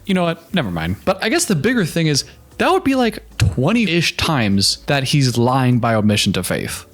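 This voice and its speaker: A man's voice: on the high side, huge pitch swings, moderate pace. A man giving sarcastic, incredulous reaction commentary on a reality show, breaking down what he sees. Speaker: YouTube commentator.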